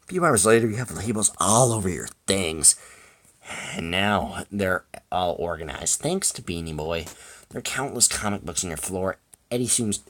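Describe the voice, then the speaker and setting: A man casually reading a second-person story aloud, breaking off with personal asides. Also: low-pitched. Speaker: fanfiction reader.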